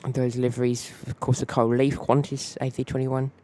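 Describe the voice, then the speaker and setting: A man's voice: mid-range voice, completely flat delivery, moderate pace, mellow. Chatty Australian guy hosting a live stream. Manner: loose, rambling chat that greets viewers one by one. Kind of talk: live plane-spotting commentary.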